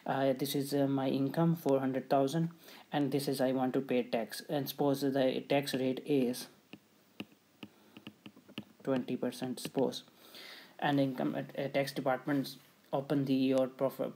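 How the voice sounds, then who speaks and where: A man tutoring accounting, talking haltingly with many restarts and acting out little dialogues. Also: medium pitch, mellow, a little hiss or hum, rough recording. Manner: halting, repeats and restarts phrases; acts out dialogues with a tax office. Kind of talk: explaining an exam topic.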